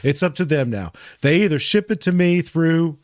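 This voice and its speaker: A man's voice: a little high, animated, normal speed, no room sound, studio quality. A man hosting a podcast in casual chat, rambling with frequent restarts and self-corrections. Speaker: podcast host.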